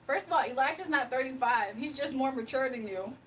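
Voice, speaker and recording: This livestream host has a high voice and speaks fairly quickly, joking around with her chat and laughing often. The stream is casual and loose. She's recorded from a distance, and faint noise sits behind her.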